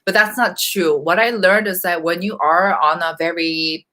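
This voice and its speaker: A woman's voice: on the low side, moderate pace, bright, forceful tone. A young woman hosting a casual live-stream Q&A, chatty and laughing often, reading out viewer comments and snacking as she talks. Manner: eating while talking. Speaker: beauty vlogger hosting a live Q&A.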